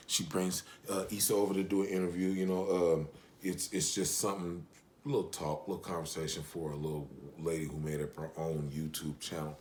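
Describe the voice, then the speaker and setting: Brief: male recap vlogger, low-ish voice, animated, profane and joking. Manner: animated, profane, joking, asides to his wife. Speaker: TV show reviewer. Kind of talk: casual recap chat.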